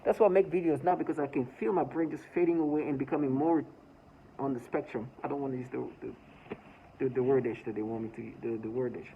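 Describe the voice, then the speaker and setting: A man's voice: mid-range voice, fairly even intonation, creaky. Man with tinny phone-line sound. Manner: halting, repeats words and restarts often; earnest, urgent delivery. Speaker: vlogger. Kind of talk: personal video monologue. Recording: tinny phone-like audio with faint noise.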